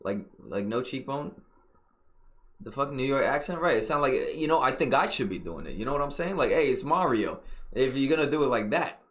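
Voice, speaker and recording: A young man rambles and swears casually while reacting to a trailer on stream. His middle-pitched voice moves around in a lively way as he talks. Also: fairly quick.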